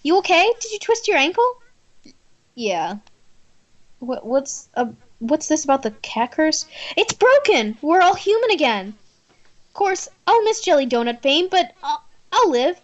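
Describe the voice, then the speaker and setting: A woman voicing a bubbly, excitable young woman in a visual novel, gushing and breathless. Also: high voice, a little slow, lo-fi sound, voice pushed up. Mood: chirpy.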